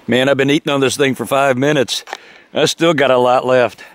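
A man's voice: medium pitch, a little fast. Cheerful man camping in snow. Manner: chatty, cheerful, relaxed. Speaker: outdoor vlogger. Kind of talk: casual narration to camera. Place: snowy woods campsite outdoors.

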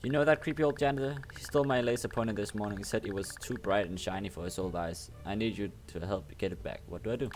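A man's voice: lowish voice, fast, hardly any pauses, a little hiss or hum, close to an everyday voice. A man reading the lines of a bossy, wheedling schoolboy who makes deals, during a game playthrough. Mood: scheming. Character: scheming schoolboy dealmaker.

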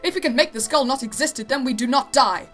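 Smug young male detective read by a woman, fan cartoon, flat delivery, bright and fairly high. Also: fairly quick, faint music behind. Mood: plain.

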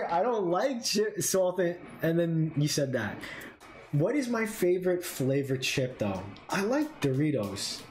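A man's voice: on the high side, slight background noise. A man talking casually on a live drawing stream, thinking aloud about his design and answering his chat. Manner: animated, jumps between musing and excited bursts. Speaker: artist streamer.

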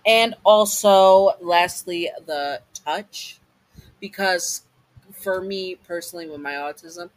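Halting, apologetic man reading a story. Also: sits high, rough recording. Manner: halting, with frequent restarts and apologies. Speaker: fan fiction storyteller. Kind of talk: casual read-aloud story.

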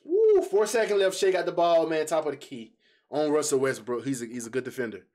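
A man hosting a casual basketball reaction video, excitable and slangy, blurting out swears and talking straight to his viewers. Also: medium pitch, fast.

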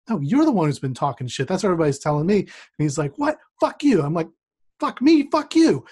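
Storyteller, man, slightly high voice, loose conversational delivery with restarts. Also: darkish tone. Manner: conversational, self-deprecating, with many restarts. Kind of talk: personal storytelling on a streamed show. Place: remote setup with a rained-on playground backdrop.

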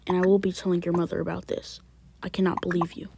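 A woman voicing a stern, worried father who scolds his teenage son in hushed late-night whispers, in a one-person family skit. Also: fairly low pitch, level tone, fast talker, creaky, background noise. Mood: scolding.

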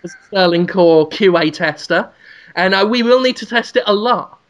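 A man's voice: high-pitched, moderate pace, smooth. A young man co-hosting a comedy podcast, riffing through a crude comic story with lots of giggling. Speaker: podcast co-host.

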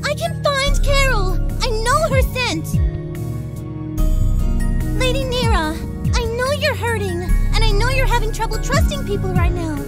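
A woman's voice: very high-pitched, animated, unhurried, loud music behind the voice. A woman voicing a sweet, eager young girl who talks in a bubbly, pleading way, in a video game.

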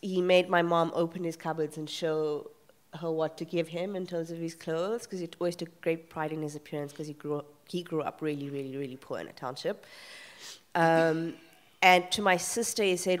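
A woman panel guest at a live festival talk, telling a painful family story candidly and emotionally, with many pauses and fillers. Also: low-pitched, fairly even intonation. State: emotional, near tears. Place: festival event room.

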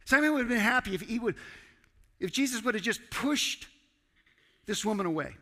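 Animated man preaching in a reverberant church. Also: high voice, normal speed. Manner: animated preacher, acting out dialogue with loud rising outbursts. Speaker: pastor. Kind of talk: sermon. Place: church sanctuary. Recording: church hall with long reverb.

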